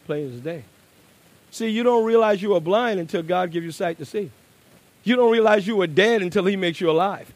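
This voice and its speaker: A man preaching a sermon. He drops to a hushed, low voice, then builds to loud, emphatic bursts and slows down on key words.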